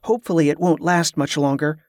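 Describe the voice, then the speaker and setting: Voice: medium pitch, steady tone, fairly quick, a little mellow, no echo, natural voice. An audiobook narrator voicing a tired young elf mage woman who speaks earnestly, read dry and close. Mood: weary.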